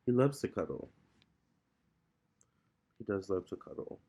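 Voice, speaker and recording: Relaxed, low-voiced man chatting at home. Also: unhurried, pauses often. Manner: relaxed, loose, full of "like" and "you know". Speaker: tarot reader and vlogger. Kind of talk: casual vlog talk. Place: his home, with a cat nearby.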